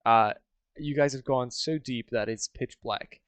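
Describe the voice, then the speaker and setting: A man's voice: mid-range voice, unhurried, a bit bright, clear, resonant tone, no room sound. A man running a tabletop game as game master, narrating casually with rambling sentences and many fillers.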